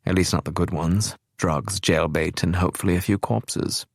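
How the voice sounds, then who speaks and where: A man's voice: sits low, steady tone, moderate pace, gravelly, dry recording, studio quality. A man voicing a flamboyant, witty English woman of about forty with a posh English accent and a breezy, teasing manner.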